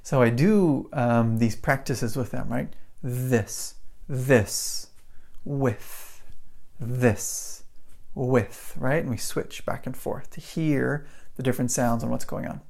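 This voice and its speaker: A male English teacher gives a pronunciation lesson into a microphone, indoors. His voice is mid-pitched with a gravelly, creaky edge. He talks patiently and keeps checking in with the viewer. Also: normal speed, a little mellow. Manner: explains patiently, keeps checking with "right?" and "okay?". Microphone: microphone in front of him.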